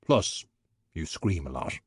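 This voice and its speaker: A man voicing an unflappable skeleton detective who speaks with deadpan, dry wit. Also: extremely low pitch, slow, slightly rough, no echo, voice pushed down, full character voice.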